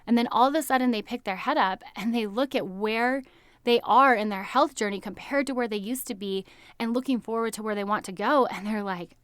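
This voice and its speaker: A woman's voice: fairly high pitch, fairly quick, smooth, no echo, clean studio sound. A woman in her thirties from the United States, a health coach telling a story in a casual, upbeat way, with lots of "like" and frequent laughter. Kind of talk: casual podcast monologue.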